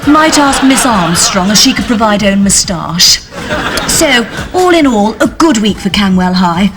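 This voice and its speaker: A woman's voice: medium pitch, lively intonation, measured pace, background noise, lightly acted. A woman playing a priggish teenage head girl reading her diary aloud in clipped, self-important tones. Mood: prim. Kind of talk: comic diary monologue.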